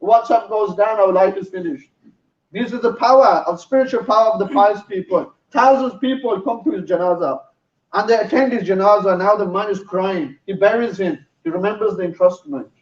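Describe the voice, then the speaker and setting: A man's voice: sits high, fairly quick. A man giving a sermon, telling a story in an earnest way. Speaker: preacher. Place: mosque hall. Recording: roomy, distant, dull sound.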